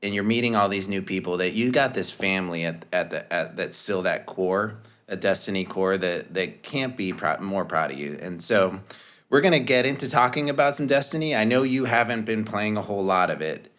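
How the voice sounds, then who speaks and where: Low-voiced guy hosting, rambles, repeats words a lot. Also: animated, fairly quick, a bit bright. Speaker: podcast host. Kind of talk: casual chat.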